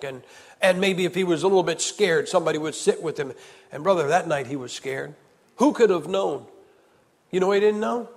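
Man preaching, high voice, long hall reverb, emphatic, rhetorical questions, loud to hushed. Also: brisk, creaky. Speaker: evangelist preacher. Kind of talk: sermon. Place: large church hall.

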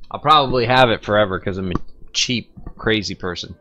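A man's voice: brisk, bright, forceful tone. A young man rambling casually through gameplay commentary, joking and going off on tangents. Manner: rambling, joking, talks to his pets in a squeaky baby voice. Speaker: gaming streamer.

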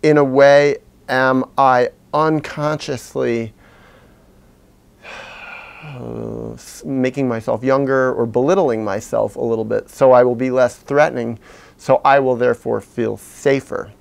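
A man talking slowly and haltingly to his camera, deliberately pitching his voice low from the chest while he reflects out loud. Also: fairly even intonation, creaky. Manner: slow, halting and self-searching, deliberately speaking low from the chest. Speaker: video blogger. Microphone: camera he is sitting in front of.

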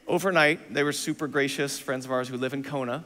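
In a church sanctuary with the long reverb of the hall, a male pastor with a medium-pitched voice tells a self-mocking story during his sermon. He speaks briskly, acting out the dialogue with animation.

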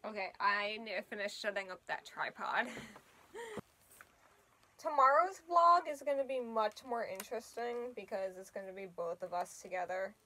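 This cosplay vlogger has a lively, sharp mid-range voice at a normal speed, with a little hiss or hum in the audio. Preparing a photoshoot at home, they chat casually, words slightly slurred by costume fangs, laughing often and trailing off, tired after an early start.

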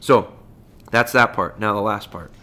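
A man's voice: lowish voice, a little slow, pushed and bright. A man hosting a podcast, giving casual dog training advice in a folksy way, full of rhetorical questions.

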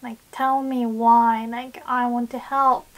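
A woman explaining grammar in a patient, slow way, with a fairly high voice. She moves between English explanations and Japanese example sentences, repeating phrases so they sink in. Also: little pitch movement. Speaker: Japanese language teacher. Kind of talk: video language lesson.

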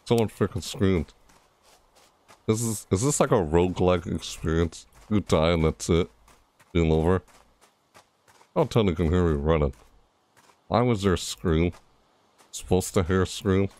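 A man casually commenting on his horror game playthrough, jumpy and excitable, talking to viewers and reading game prompts aloud. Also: low-pitched, a little slow, pauses often. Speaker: gameplay streamer.

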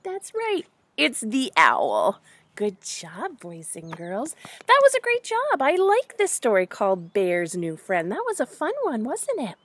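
A woman teacher reading a picture book to small children, slow and breathy, with a voice that leaps up and down as she gasps and wonders aloud. She keeps turning to her young listeners with questions and praise. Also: fairly high pitch. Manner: animated, gasping, questioning, speaks to children. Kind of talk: children's story time read-aloud.

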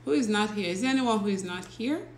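A woman's voice: mid-range voice, expressive, echoey room, slight background noise. A woman hosting a casual livestream, chatty and laughing often as she reads out viewers' names and greets them. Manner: talks slowly. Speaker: livestream host, teacher. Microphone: phone or laptop livestream.

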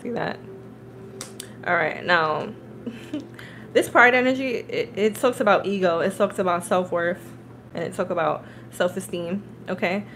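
A woman's voice: fairly low pitch, measured pace, long pauses, a little hiss or hum, low-quality recording. Chatty woman tarot reader. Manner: chatty and animated, laughs often, checks in with "okay?" and "all right?". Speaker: tarot reader and spiritual coach. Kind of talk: casual tarot reading with storytelling.

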